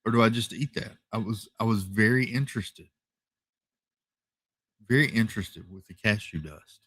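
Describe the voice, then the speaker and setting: A man hosting a casual live stream from home, reading viewer comments in a relaxed, chatty way with lots of fillers and repeated thank-yous. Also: fairly low pitch, normal speed, husky, no echo. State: tired, yawning. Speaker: livestream host. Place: home, rural area.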